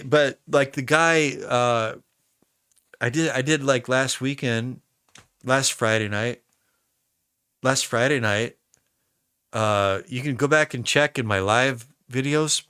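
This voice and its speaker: An American man tells meandering stories during a live stream, circling back and restarting his sentences as he goes. His voice has a bright, forward edge. The sound is dry and close, with no room around it. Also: medium pitch, slow pace, long pauses, clean tone, dry recording. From United States. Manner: rambling, chatty storytelling with many restarts. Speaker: musician streaming a recording session. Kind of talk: casual live-stream chat.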